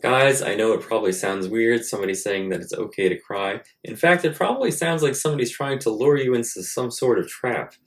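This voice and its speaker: A male host delivers a comedic monologue in a middle-pitched voice, full of crude, self-mocking jokes. He swings between loud, punchy bursts and quiet, muttered asides. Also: a little fast, hardly any pauses.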